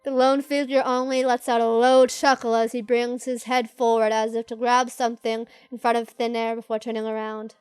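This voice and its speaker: Lively young woman reading a game. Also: a little high, moderate pace, few pauses, smooth, no echo, soft background music. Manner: animated, joking, talks back to the characters. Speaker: gaming channel host. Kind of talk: reading a game aloud with live commentary.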